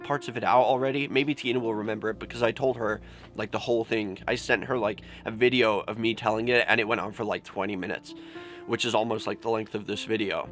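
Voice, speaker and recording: A man's voice: medium pitch, bright, forceful tone. A young man vlogging, telling a personal story candidly and emotionally, swearing often and saying "like" a lot. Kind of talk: confessional vlog storytelling.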